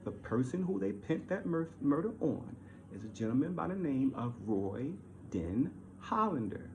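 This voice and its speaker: A man delivering a heated, repetitive monologue, swinging from loud outbursts to low mutters. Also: very animated, normal speed, highs cut off, slight background noise. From Baltimore. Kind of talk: ranting monologue.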